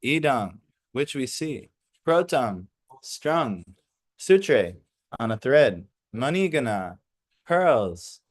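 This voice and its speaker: A man's voice: mid-range voice, very animated, extremely slow. A man leading a scripture class, reading passages aloud and explaining them in a casual way, hesitant over Sanskrit recitation. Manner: reads steadily, then slips into casual asides with fillers.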